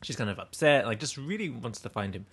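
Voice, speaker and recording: A man's voice: mid-range voice, lively intonation, fairly quick, slightly rough. A young man with an Australian accent gone a little American, co-hosting a casual podcast and telling stories. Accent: Australian, turned a little American. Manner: chatty storyteller, acts out quoted lines. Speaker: podcast co-host. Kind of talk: casual chat.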